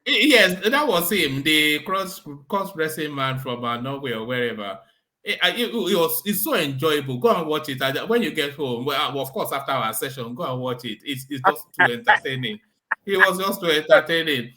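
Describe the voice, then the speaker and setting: A man's voice: on the high side, expressive, moderate pace, bright, forceful tone. Chatty man hosting with easy laughs. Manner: chatty, laughs often, stammers on repeats. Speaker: host. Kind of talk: casual live discussion.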